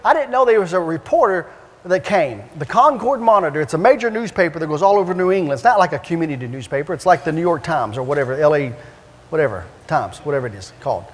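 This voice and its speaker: Male evangelist, high voice, animated storytelling sermon, long hall reverb. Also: quick pace. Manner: animated, repetitive, emphatic. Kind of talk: preaching with storytelling. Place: church sanctuary.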